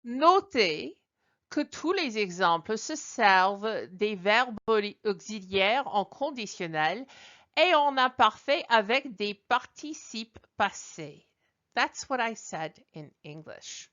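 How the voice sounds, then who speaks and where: Woman, French teacher, bright tone, slightly dull recording, chatty and self-correcting. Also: medium pitch, very animated, takes it slowly. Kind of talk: slide lecture.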